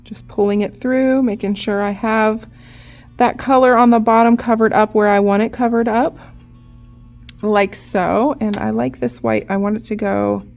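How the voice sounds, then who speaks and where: Young woman walking through nail art, casual and chatty, soft music underneath. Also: medium pitch. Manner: chatty, relaxed, lots of "like". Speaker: nail artist.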